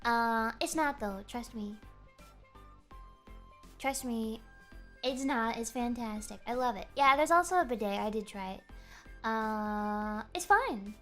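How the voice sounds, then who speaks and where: A woman streamer chatting casually in a joking, rambling, animated way. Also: fairly high pitch, takes it slowly, long pauses, soft background music. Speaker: VTuber streamer.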